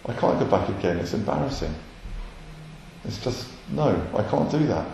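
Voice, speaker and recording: A man's voice: lowish voice, big pitch swings, normal speed, vocal fry, dark tone, a little hiss or hum. A man, a messianic rabbi, preaching an earnest sermon and acting out short quotes. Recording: roomy echoey hall.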